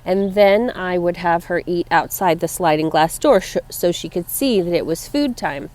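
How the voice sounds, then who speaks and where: A woman's voice: fairly low pitch, normal speed, a little mellow. A woman talking casually to her viewers in a personal vlog, chatty and rambling, fond and tender as she talks about her pets. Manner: chatty and rambling, laughs between thoughts. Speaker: vlogger.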